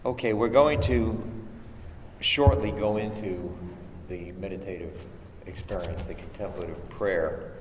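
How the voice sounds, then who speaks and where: A man leading a contemplative prayer workshop, giving gentle instructions with hesitant restarts and chanting syllables. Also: low voice, measured pace. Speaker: meditation teacher. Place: large chapel with long reverb. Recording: echoey chapel recording, faint hiss.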